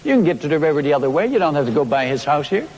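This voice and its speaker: A shrewd village peacemaker, as a storyteller puts him on, talking sense into an angry crowd in a persuasive, reasoning way. The voice sits high and rings out with a long hall reverb. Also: male voice, very animated, rapid-fire, darkish tone. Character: shrewd tribal village man, calm peacemaker.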